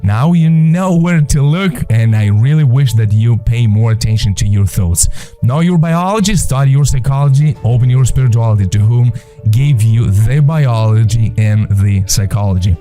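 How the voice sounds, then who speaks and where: A man teaching a faith-based motivational masterclass, emphatic and repetitive, with slow deliberate phrasing. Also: medium pitch, mellow, faint music behind.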